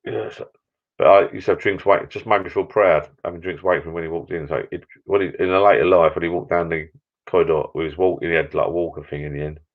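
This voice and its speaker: Older man, very deep voice, chatty live-stream host, slightly dull lo-fi sound. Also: steady tone, quick pace. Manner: rambling, chatty, sentimental. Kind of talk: casual chat. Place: backyard garden bar shed.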